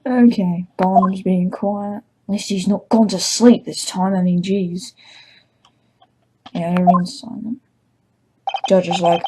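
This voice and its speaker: A woman's voice: mid-range voice, slow pace, pauses often, background noise. A woman casually commenting on a game she is playing, with chatty, giggly asides. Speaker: let's play host. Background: game music.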